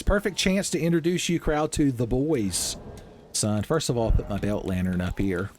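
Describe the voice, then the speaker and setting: A young man giving casual, joking let's-play commentary, with swearing and animated asides. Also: on the low side, moderate pace, a little hiss or hum. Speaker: gaming channel host.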